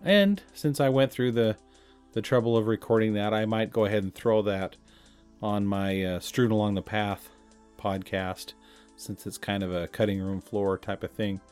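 A man's voice: on the low side, moderate pace, darkish tone, clear, resonant tone, faint music behind. A man hosting a podcast, talking in a reflective, conversational way and chuckling at himself now and then. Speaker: podcast host. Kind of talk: casual chat.

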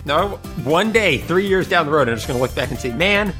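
Animated podcast host with lively pitch. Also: male voice, brisk, soft background music. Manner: playful, mock-exasperated, laughs often. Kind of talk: casual banter with co-hosts. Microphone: studio mic with pop screen.

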